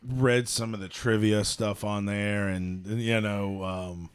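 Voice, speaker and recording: A man's voice: fairly low pitch, slow pace, clear, resonant tone. Chatty man rambling in a podcast. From American South. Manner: rambling, animated storytelling with laughs. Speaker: podcast co-host. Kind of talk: casual chat.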